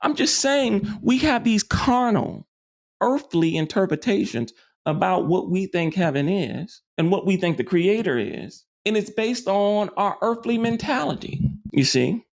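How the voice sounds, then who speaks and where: A man's voice: sits high, expressive, measured pace, gravelly. A man teaching metaphysics in a loose, rambling lecture, often restarting and tagging on "you see.". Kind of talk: informal spiritual lecture.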